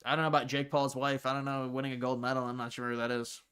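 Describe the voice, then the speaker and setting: A man chats loosely on his own livestream, wandering from point to point and answering viewers as he goes. His voice is smooth and clear. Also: mid-range voice, flat delivery, fast talker, fairly bright tone. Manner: rambling, answers viewers' comments. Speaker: livestream host. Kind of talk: casual livestream chat.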